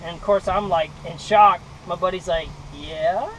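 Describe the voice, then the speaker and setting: A man's voice: high-pitched, normal speed, poor audio. Guy telling a fishing story for a devo, gets really into the voices, bit of hiss behind him. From Mississippi. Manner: animated storyteller acting out voices, laughing often. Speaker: devotional speaker. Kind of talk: storytelling devotional talk.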